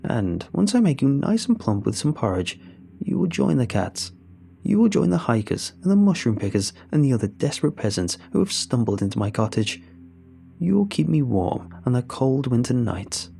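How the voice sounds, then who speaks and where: A man voicing a cruel eighty-year-old witch hag who speaks in a slow, sneering, menacing way. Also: mid-range voice, very animated, creaky, dark tone. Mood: gloating.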